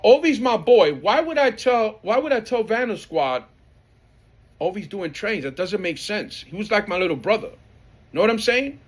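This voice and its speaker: A middle-aged man tells his side of a feud in a heated, streetwise way, swearing often and quoting himself. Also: sits high. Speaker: graffiti writer telling his side. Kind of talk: casual storytelling, profane.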